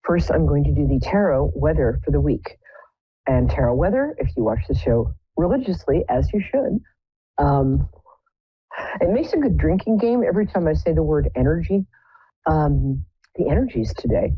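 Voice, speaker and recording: Low husky woman rambling and joking on a webcam psychic show, sound a bit muffled. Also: very animated, moderate pace, dry recording. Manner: wry, self-mocking, rambling jokes. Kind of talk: casual chat. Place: indoors, home.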